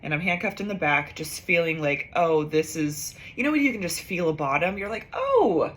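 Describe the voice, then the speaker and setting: A woman's voice: lowish voice, animated, fast, sharp tone. A young woman, a comedian, telling a personal story in a casual, self-mocking way, acting out the dialogue with big jumps in her voice.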